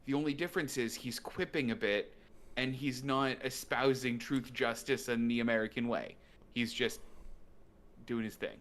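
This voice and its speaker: A man's voice: mid-range voice, steady tone, moderate pace, a bit bright. Podcast guy laying out his take, keeps going "right?". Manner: argumentative, builds a point with "right?". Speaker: podcast co-host. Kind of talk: casual movie review chat.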